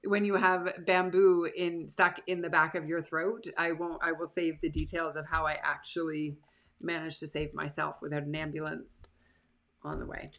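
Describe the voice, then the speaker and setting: A woman's voice: low voice, level tone, normal speed, a bit bright. A woman hosting a live motivational show, talking casually and with animation to her online audience. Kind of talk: casual live-stream talk.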